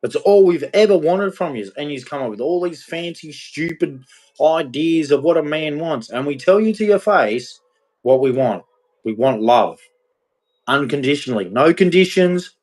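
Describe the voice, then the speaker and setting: A man's voice: fairly high pitch, lively intonation, normal speed, darkish tone, poor audio. A man giving a blunt, rambling, emphatic monologue about relationships, speaking candidly as a podcast host.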